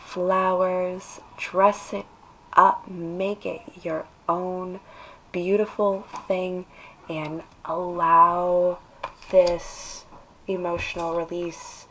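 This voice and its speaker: A woman talks through a casual tarot reading at an unhurried, lingering pace. She is emphatic and coaxing, and stretches out her phrases as she urges the listener on. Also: fairly low pitch, gravelly, a little hiss or hum, low-quality recording. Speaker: tarot reader.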